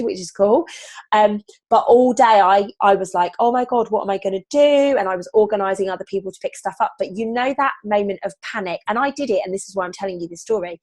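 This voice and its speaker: Slightly husky woman, animated pep talk. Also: mid-range voice. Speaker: team leader. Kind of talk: motivational team training call. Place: home. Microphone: video call.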